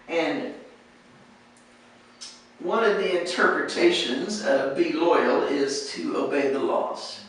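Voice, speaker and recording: Slow, patient American woman teaching pronunciation. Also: low-pitched, a little hiss or hum. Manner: slow, patient, repeats words for students to echo. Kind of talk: patient drill-based pronunciation lesson. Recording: echoey room, distant mic, faint ambience.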